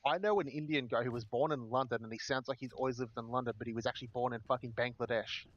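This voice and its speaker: A man's voice: medium pitch, fairly even intonation, quick pace. A man on a voice chat, rambling, swearing and stumbling over his words. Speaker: stream guest on voice chat. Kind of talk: casual voice chat. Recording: dull lo-fi with faint noise.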